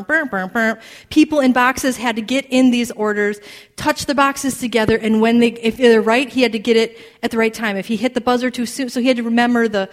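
Animated woman telling a sermon story. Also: a little high. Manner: animated, laughing, dramatic quoted asides. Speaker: speaker.

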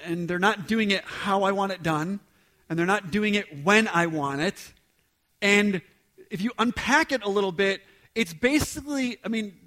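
A high-pitched man preaches a sermon as pastor, emphatic and conversational, with quieter asides.

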